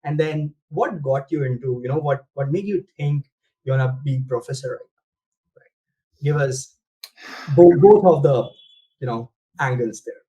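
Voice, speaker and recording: A man hosting a podcast, asking questions in a halting, casual way and encouraging his guest with short replies. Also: medium pitch, dark tone, lo-fi sound. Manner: halting, fillers, encouraging backchannels. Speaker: podcast host.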